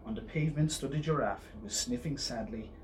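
A man reads a children's picture book aloud, lively and expressive, his voice rising with the story. He sits back from the mic, with a faint hiss in the background. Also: medium pitch, fairly quick, distant mic, low-quality recording.

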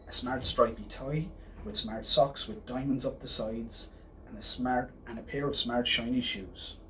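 A man reading a children's picture book aloud as a storyteller, in a lively, expressive way. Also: medium pitch. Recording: distant mic, faint hiss.

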